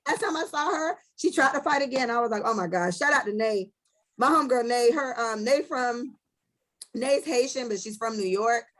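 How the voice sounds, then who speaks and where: A woman hosting a casual podcast chat, telling stories in a blunt, animated way with lots of profanity. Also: on the high side, moderate pace. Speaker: podcast host.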